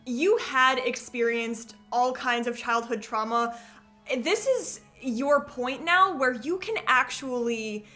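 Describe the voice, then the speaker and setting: A woman's voice: high-pitched, pushed and bright. A woman hosting a commentary video, narrating with sarcastic joking asides. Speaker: commentary channel host.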